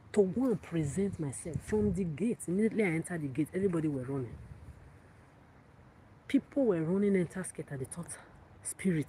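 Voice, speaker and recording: A woman's voice: fairly low pitch, poor audio. A woman, hosting a livestream in a defiant, profane, repetitive rant. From Africa. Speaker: livestream host. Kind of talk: angry livestream monologue. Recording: loud background noise.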